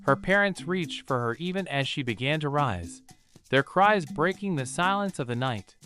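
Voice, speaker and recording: A man narrating a soothing bedtime story in a calm, gentle, measured way. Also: a little high, faint music behind.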